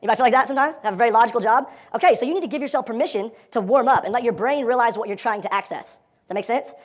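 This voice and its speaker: A man teaching a live dating seminar, energetic and profane, acting out quoted lines as he talks to his audience. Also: very high-pitched, very fast.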